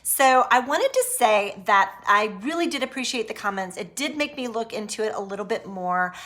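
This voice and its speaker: A woman with a bright, clear voice talks through her personal views on a recovery channel. She speaks earnestly and at length, circling back on herself as she reflects. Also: medium pitch. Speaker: narcissistic abuse recovery channel host. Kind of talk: personal opinion commentary.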